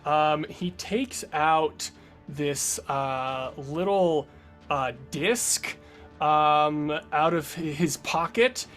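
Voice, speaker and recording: A man runs a tabletop game, talking slowly and filling gaps with ums. His voice is bright and forceful, and he laughs often. Faint music plays behind him. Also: fairly high pitch. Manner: laughing often, halting with fillers. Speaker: game master.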